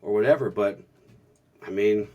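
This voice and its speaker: A man's voice: lowish voice, normal speed, dark tone, highs cut off. A man co-hosting a spiritual podcast, telling stories earnestly and reflectively in a casual way, often restarting his sentences. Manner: earnest storytelling with many restarts. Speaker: podcast co-host.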